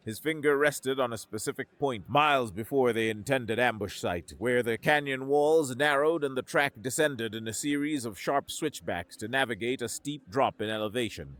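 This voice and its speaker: A man narrating a sci-fi story in a steady, even scripted delivery. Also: medium pitch.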